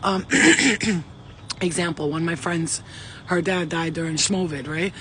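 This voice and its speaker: A man channeling spirit messages in a casual, rambling vlog monologue, profane and excitable, jumping between stories. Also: a little high, noisy background. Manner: profane, rambling, excitable, talks in quick digressions.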